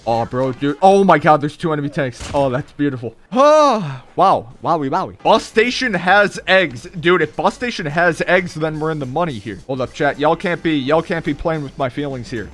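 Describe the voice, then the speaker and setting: A young man streaming a mobile shooter, talking to his chat with excitable commentary and sudden high yelps and laughs. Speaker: gaming streamer. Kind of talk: live gameplay commentary.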